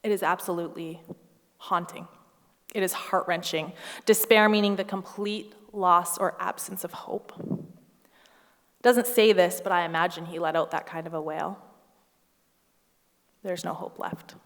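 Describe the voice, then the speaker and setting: Animated woman preaching in a reverberant hall. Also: fairly low pitch, a little slow, pauses often. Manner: animated, acts out quoted voices, humorous asides. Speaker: pastor. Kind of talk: sermon. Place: church hall.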